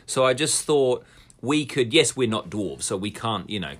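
A man's voice: medium pitch, lively intonation, normal speed. An Australian man co-hosting a podcast, chatting casually, laughing often and swearing. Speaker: podcast co-host. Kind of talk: casual chat.

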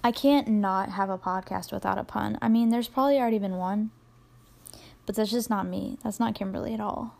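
A young woman talks alone into her podcast mic in a loose, rambling way. She keeps tripping over fillers and teasing herself as she goes. Her voice sits at an ordinary middle pitch. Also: steady tone, fairly quick, vocal fry, darkish tone. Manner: rambling, self-deprecating, lots of fillers. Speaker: podcast host. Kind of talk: casual solo podcast monologue.

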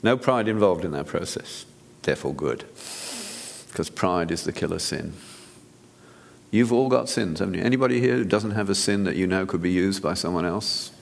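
A man's voice: sits low, fairly quick, gravelly, big-room sound. A man, a physician, giving an earnest, direct sermon-style talk to an audience, often restarting his sentences. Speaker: physician speaker.

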